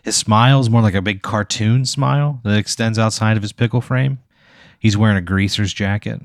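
A man's voice: on the low side, fairly quick, dry recording, clean studio sound. A man running a tabletop game as game master, narrating scenes in a casual, profane, vivid storytelling way.

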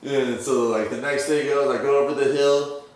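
A man's voice: medium pitch, steady tone, moderate pace, darkish tone, slight background noise. Slangy young man in an echoey room. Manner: streetwise slang-heavy storytelling, acts out quoted dialogue. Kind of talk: casual storytelling.

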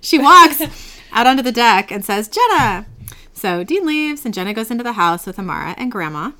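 A woman's voice: on the high side, big pitch swings, a little fast, sharp tone. A woman hosting a casual podcast, animatedly retelling a show's episode and giggling often. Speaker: podcast host.

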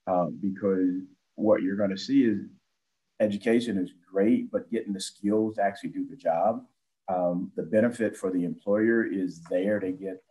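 A man from a community college on a podcast panel, speaking in a measured, explanatory way with occasional fillers. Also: low voice, mellow, low-quality recording. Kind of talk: podcast discussion.

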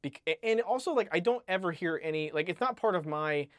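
A man with a fairly high voice talks in a loose, rambling way, restarting sentences and tossing in casual swears. The sound is close and dry, with no room behind him. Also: lively intonation, a little fast, no room sound. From United States. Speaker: podcast co-host discussing a book. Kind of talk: casual chat.

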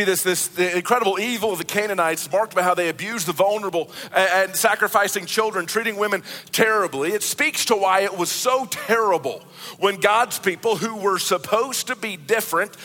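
High bright voiced pastor guy preaching, earnest, lots of restarts, big reverby hall. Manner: earnest preaching with frequent restarts and repeated words. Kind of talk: sermon.

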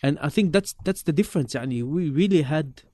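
Animated man telling stories. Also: fairly high pitch, a little fast. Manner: animated, repeats words, mixes in Arabic religious terms. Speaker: podcast guest recalling his teachers. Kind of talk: casual storytelling chat.

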